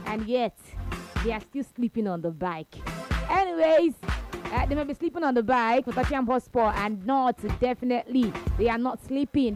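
Animated Nigerian woman talking football. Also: a little high. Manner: animated, mixes Pidgin slang, repeats phrases for emphasis. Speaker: sports talk host. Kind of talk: casual football chat.

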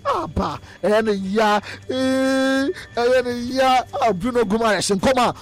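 A man presenting an animated football news roundup, excitable, repeating phrases in chanting bursts and mixing in English words. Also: extremely high pitch, measured pace.

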